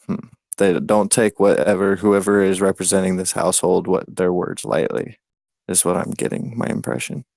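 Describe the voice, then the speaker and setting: A man's voice: low-pitched, steady tone, moderate pace, gravelly, darkish tone, no echo. A man playing a tabletop game, thinking aloud and hesitating as he describes his actions. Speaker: player. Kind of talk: casual tabletop play.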